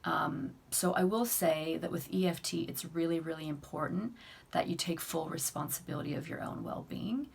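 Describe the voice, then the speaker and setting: A young adult woman coach calmly explaining a tapping technique to camera, steady and unhurried with occasional fillers. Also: deep voice, creaky, husky. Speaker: self-help coach. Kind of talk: instructional talk to camera.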